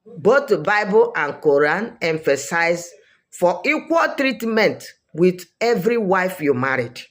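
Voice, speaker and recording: A woman's voice: on the low side, big pitch swings, a little slow. A woman with a Nigerian accent giving opinionated social commentary, emphatic and repeating her points for weight.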